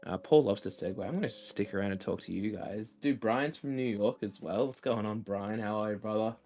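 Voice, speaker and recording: A man co-hosting a card game livestream, relaxed and rambling, often dropping into quieter asides while greeting viewers. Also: on the low side, a little fast, soft background music. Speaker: co-host and commentator. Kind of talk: casual livestream commentary.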